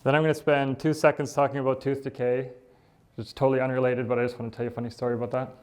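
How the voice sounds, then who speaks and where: A man's voice: medium pitch, darkish tone. A middle-aged man, a dentist, giving a casual presentation, with fillers and asides. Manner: conversational, with fillers, laughs and "right?" asides. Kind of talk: casual talk.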